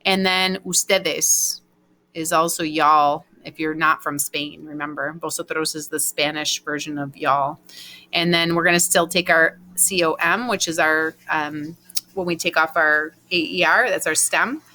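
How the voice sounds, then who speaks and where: A woman's voice: sits low, steady tone, a little slow, pushed and bright, slight background noise. A woman teacher giving a recorded Spanish class, patiently explaining verb endings step by step and spelling them out letter by letter.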